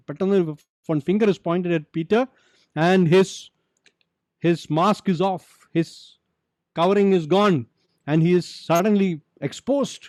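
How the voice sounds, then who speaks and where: A man's voice: high-pitched, brisk, no echo. A man with a Kerala Indian English accent teaching a Bible lesson to youth, asking rhetorical questions and acting out the story. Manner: animated, asks rhetorical questions and dramatizes the story.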